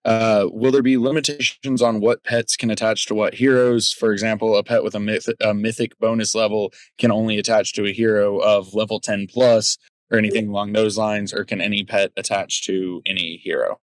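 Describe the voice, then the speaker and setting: A man's voice: fairly low pitch, little pitch movement, brisk, dry recording. A man hosting a community Q&A, passing questions along in an easygoing way. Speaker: host running a Q&A. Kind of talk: casual moderating.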